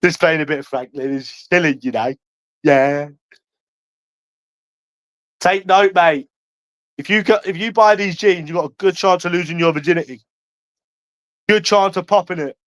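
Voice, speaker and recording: Taunting man with a high voice. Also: normal speed, pauses often, no room sound. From London. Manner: taunting, profane, repeats "mate" constantly, loud then hushed. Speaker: vlogger. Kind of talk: ranting monologue to camera.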